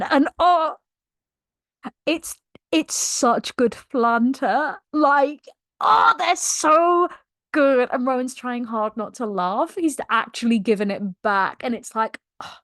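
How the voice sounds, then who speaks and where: A woman's voice: high voice, slow, a bit bright, no room sound, studio quality. A young woman giving a casual book recap, gushing and slangy, laughing often. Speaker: book vlogger.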